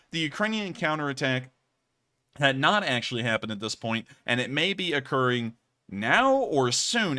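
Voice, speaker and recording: A young man talks through war news on his live stream. His voice is bright and forceful, and he speaks loosely and conversationally, often correcting himself mid-sentence. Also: mid-range voice. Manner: conversational, self-correcting, says y'all. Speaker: war news livestream host. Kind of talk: casual live-stream commentary over maps and footage.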